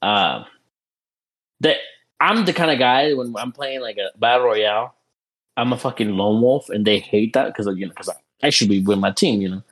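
A man telling profane, animated stories in a casual podcast chat. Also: on the low side, moderate pace.

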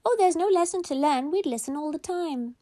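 A woman voicing a bossy young big sister in a children's story, pitched up high. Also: expressive, a little fast, warm tone, no room sound.

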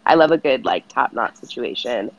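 A bubbly woman in her late twenties from the San Fernando Valley in Southern California chats as a casual interview guest, laughing often and saying "like" a lot. Her voice is very deep and animated at normal speed, in a dry recording with the highs cut off.

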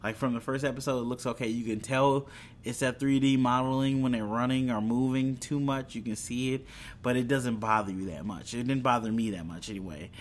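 A man's voice: mid-range voice, fairly even intonation, brisk, slight background noise. A young man hosting a video, chatting casually about upcoming shows, rambling with fillers and restarts. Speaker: video host. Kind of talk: casual entertainment news chat.

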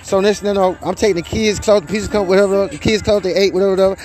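High-voiced man ranting, rambling and profane. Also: steady tone, rapid-fire, a little mellow. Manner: profane, rambling, repeats "you know what I'm saying". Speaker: father telling his side of a custody dispute. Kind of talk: casual storytelling monologue. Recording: faint music behind.

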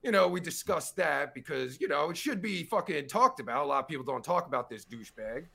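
A man's voice: a little high, lively intonation, a little fast, creaky, pushed and bright, husky. A man reacting to a recording of his own interview, swearing heavily and ranting in exasperation. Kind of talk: angry reaction commentary.

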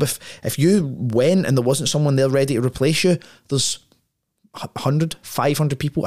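A man's voice: mid-range voice, darkish tone. A man speaking as a podcast guest in casual conversation, blunt and profane, often ending points with tag questions. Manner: frequent tag questions and restarts.

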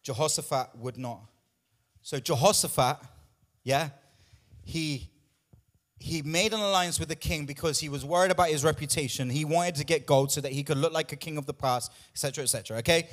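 A man's voice: a little high, a little fast. A man pastor preaching a sermon with emphatic, repetitive lines, out of breath at times.

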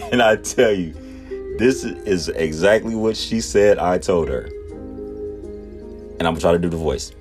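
Low-voiced laughing male podcast host. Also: normal speed, long pauses, music in the background. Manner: laughs often, animated storytelling, acts out quotes in high voices. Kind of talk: casual storytelling.

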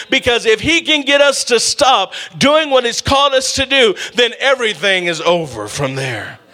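A man preaching a sermon full of humorous personal stories. His voice sits high and sounds bright and forward. He keeps calling out to the congregation as he goes. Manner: animated, humorous, calls out to the congregation. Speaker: pastor. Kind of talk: storytelling sermon.

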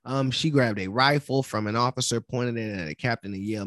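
A man's voice: medium pitch, fairly quick, a bit bright, no echo, studio quality. A man co-hosting a podcast, reading a news story aloud and often stumbling over words and correcting himself. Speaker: podcast co-host.

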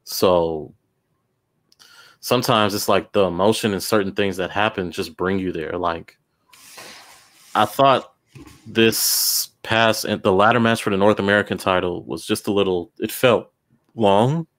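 Very deep-voiced man chatting casually. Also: a little slow, long pauses, fairly bright tone. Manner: thoughtful, hedging with fillers. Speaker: podcast co-host. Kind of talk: casual chat about wrestling.

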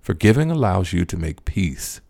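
A man preaching a sermon, addressing listeners as friends and repeating key lines slowly for emphasis. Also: sits low, very animated, gravelly, a little mellow, breathy edge, dry recording, studio quality.

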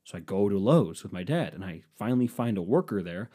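A man's voice: lowish voice, lively intonation, fairly quick, mellow, husky. A man telling a comic personal story in a rambling, profane, self-deprecating way. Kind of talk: casual comedic storytelling.

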